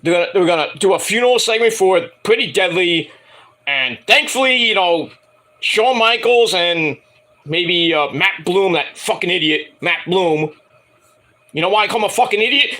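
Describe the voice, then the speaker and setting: Male wrestling reviewer, high bright voice, swings all over, rambling and foul-mouthed. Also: lively intonation, moderate pace. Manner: profane, rambling, mocking voices in quotes. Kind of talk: casual ranting review.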